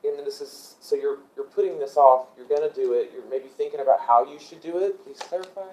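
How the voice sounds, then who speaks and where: A man's voice: a little high, mellow, highs cut off. A man doing a casual tarot reading, thinking aloud with many ums and asking angels for guidance as he goes. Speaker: tarot reader.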